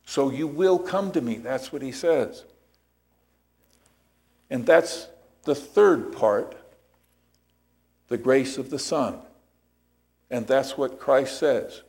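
A man's voice: medium pitch, takes it slowly, pauses often, darkish tone. A man preaching a sermon as pastor, explaining scripture step by step and checking in with rhetorical questions.

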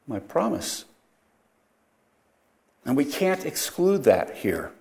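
A man's voice: mid-range voice, very animated, slow pace, creaky, darkish tone. A man teaching a Bible study lecture, explaining verses with frequent rhetorical questions and self-corrections.

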